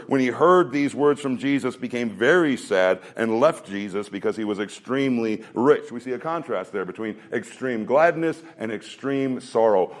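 Earnest man preaching a sermon. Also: mid-range voice. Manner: earnest preaching, rhetorical questions, shifting pace. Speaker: pastor.

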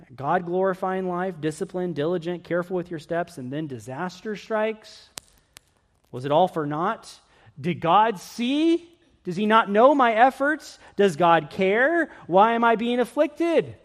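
A middle-aged man preaching a sermon, earnest, swinging from loud pleading questions to hushed emphasis. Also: fairly high pitch.

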